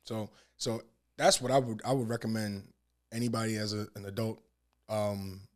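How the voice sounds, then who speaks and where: A man's voice: on the low side, steady tone, moderate pace. A man in his thirties co-hosting a casual podcast, telling stories in a laid-back way with profane, laughing banter and frequent restarts. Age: 30s. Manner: rambling storyteller with frequent restarts. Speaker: podcast co-host. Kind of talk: casual chat.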